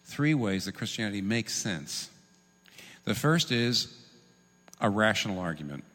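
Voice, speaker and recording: Lively preacher in a big echoing hall. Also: male voice, on the low side, measured pace. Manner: animated, humorous teaching, with asides. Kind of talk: sermon. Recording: long reverb in a large hall.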